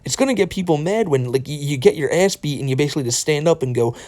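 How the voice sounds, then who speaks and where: A man's voice: on the high side, expressive, fast talker, darkish tone. A man giving casual commentary on a clip, mocking and profane, often laughing. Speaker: commentary YouTuber.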